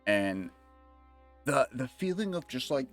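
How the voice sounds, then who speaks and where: Animated, swearing young man streaming. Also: medium pitch, slow pace, faint music behind. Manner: profane, rambling storytelling with frequent laughs. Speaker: livestreamer playing a game. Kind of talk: casual chat while gaming.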